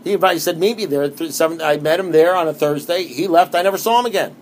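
Middle-aged man, rambling testimony, somewhat high voice, faint background hum. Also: fast talker. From New York. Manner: rambling and conversational, with many restarts. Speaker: speaker at a recovery meeting. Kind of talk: personal testimony to a group.

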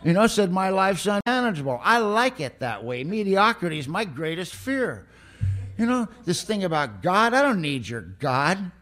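A man's voice: high voice, sing-song, normal speed, fairly bright tone, faint music behind. A man giving a blunt, streetwise personal testimony at a recovery meeting, often laughing as he talks.

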